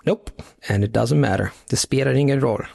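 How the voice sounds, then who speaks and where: Guy reacting to his old clip, raspy-ish fry, reflective, lots of restarts. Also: mid-range voice, moderate pace, a little mellow. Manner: reflective, fond of idioms, frequent restarts. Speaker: language learning YouTuber.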